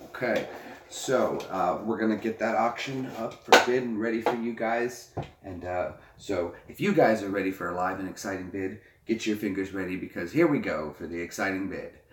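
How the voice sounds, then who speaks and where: Man, low voice, casual joking chat, rambling, echoey room. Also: far from the mic, noisy background. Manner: joking, rambling, quick to laugh.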